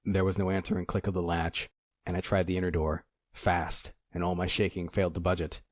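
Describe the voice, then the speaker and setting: Male audiobook narrator, very low voice, dry close recording. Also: little pitch movement, no echo. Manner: measured, dramatic storytelling. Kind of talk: scripted first-person narration.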